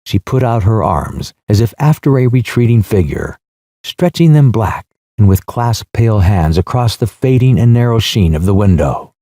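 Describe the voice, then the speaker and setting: Low, mellow male audiobook narrator. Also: no echo, studio quality. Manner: measured, solemn, expressive. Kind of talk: scripted literary narration.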